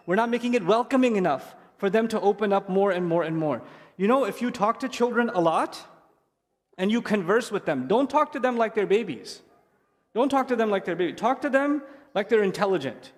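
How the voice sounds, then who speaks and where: A man with a notably high voice delivers a lecture to parents, slipping into short stories and imitating a child's questions. His voice rings out with a long reverb, as in a big hall. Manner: lively storytelling, acts out a child's voice. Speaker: Islamic speaker.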